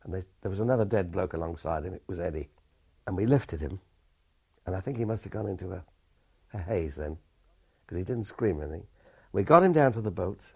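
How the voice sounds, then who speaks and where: An older veteran tells his memories in plain, halting phrases that often restart. His voice sits low and sounds husky. The recording is dull and muffled. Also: lively intonation. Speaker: war veteran. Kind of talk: oral history recollection.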